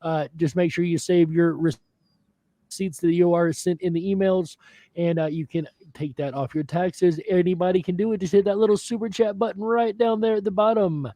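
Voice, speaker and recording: A man's voice: sits high, steady tone, normal speed, dark tone, dry recording. A man hosting a livestream panel, announcing items like a showman and thanking donors. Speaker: host.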